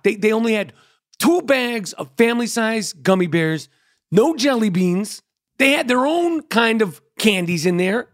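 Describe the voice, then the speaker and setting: A man's voice: sits high, big pitch swings, measured pace. A middle-aged man, ranting in a crude, rambling comedy monologue full of repetition and swearing.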